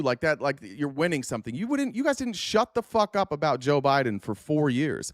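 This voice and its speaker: A man's voice: on the high side, sing-song, a little fast, no room sound, studio quality. A man hosting a live stream, heatedly and sarcastically scolding his chat and swearing freely. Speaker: livestream host reacting to news. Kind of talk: profane live-stream rant.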